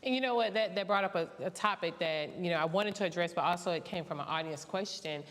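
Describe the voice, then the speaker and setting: A woman's voice: lowish voice, fast talker, fairly bright tone, big-room sound. A woman moderating a discussion panel, asking encouraging questions.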